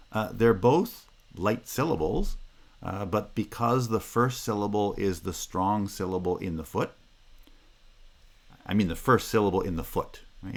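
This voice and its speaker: A man giving a recorded university lecture, explaining step by step with frequent "uh" fillers, self-corrections and example words repeated aloud. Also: low-pitched. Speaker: linguistics lecturer.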